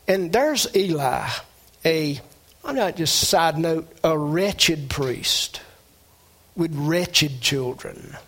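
A man preaching a sermon in a notably high, light voice. He talks to the congregation in a plain conversational way, restarting phrases. He lifts his pitch sharply when he stresses a point. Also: lively intonation, very slow, a bit bright. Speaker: pastor.

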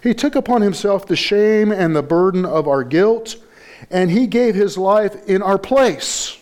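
A male pastor delivering a sermon in a somewhat high voice. He preaches emphatically, repeats key phrases and builds to stronger peaks. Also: expressive, unhurried, darkish tone.

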